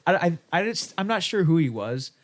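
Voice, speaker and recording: A man's voice: on the high side, sing-song, a little fast, slight background noise. A man hosting a podcast, telling a rambling, profanity-laced story in casual chat. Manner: rambling, profane, laughing often. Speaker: podcast host.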